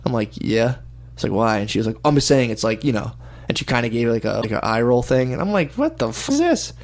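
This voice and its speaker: A young man chatting casually, rambling through an animated story and mimicking other people's voices. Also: mid-range voice, fast. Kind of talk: casual chat.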